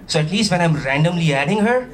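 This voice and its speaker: A fast-talking male comic from Pakistan works a live audience with his stand-up routine. His voice runs fairly high, and he's animated and chatty, bantering and aiming playful asides at the crowd. A bit of faint hiss and distance mark the live mic.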